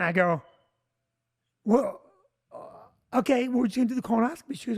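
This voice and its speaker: A male comedian telling a long comic story, animated and breaking into shouted punchlines. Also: very high-pitched, brisk, pauses often, breathy edge.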